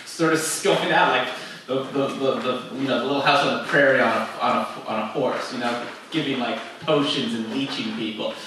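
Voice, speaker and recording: A man's voice: mid-range voice, brisk, sharp tone, recorded from a distance, a little hiss or hum. A man emceeing in a comedy club, rambling through teasing banter before he brings up the next comic. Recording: echoey club miked from afar.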